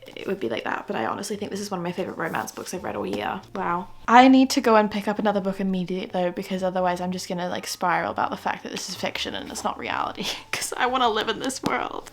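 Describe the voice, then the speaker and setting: Chatty woman gushing about books. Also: mid-range voice. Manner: chatty, laughs often. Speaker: book vlogger. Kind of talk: casual reading vlog chat.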